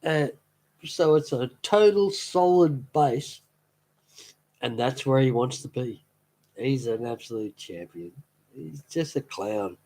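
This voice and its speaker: A man's voice: mid-range voice, expressive, slow pace, warm tone. A man chatting casually on a live stream, rambling fondly and laughing easily. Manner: rambling, fond and easily amused. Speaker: streamer talking to chat.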